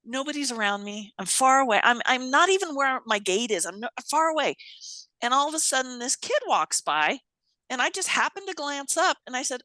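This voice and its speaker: A woman telling a story in an animated way, swearing casually and acting out the voices of people she quotes. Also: high voice, a little fast, no room sound. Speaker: guest.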